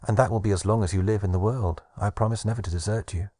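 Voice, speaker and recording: Fairy spirit, small and sunny, coaxing and playful; a male narrator puts her on with a soft husky tone. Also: on the low side, fairly even intonation, fast talker, dry recording, clean studio sound, lightly acted. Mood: reassuring. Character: sweet cheerful female fairy Hope. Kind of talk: audiobook narration.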